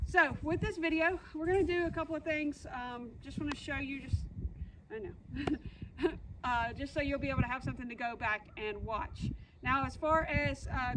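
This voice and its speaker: A woman puppy trainer walking new owners through their dog's routine and commands, reassuring and repeating her key points. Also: high voice. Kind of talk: instructional dog-training walkthrough. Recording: distant mic, loud background noise.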